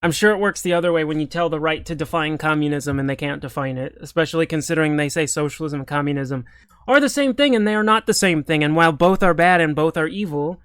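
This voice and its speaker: A man's voice: fairly high pitch, fast, a bit bright, clean tone, no echo. A man ranting in political commentary, exasperated, sarcastic and profane.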